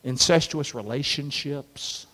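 A man preaching a sermon as a pastor, animated and leading the congregation in call-and-response. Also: mid-range voice, takes it slowly. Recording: long hall reverb.

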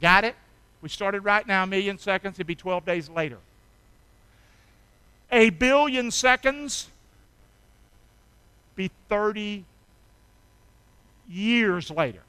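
A pastor preaching in church, his voice strikingly high and bright, with a smooth, clear tone on a dry recording. He takes his time, drawing words out slowly. He swings between hushed, intimate moments and loud shouts, calling on the congregation to respond. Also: dry recording. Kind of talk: sermon.

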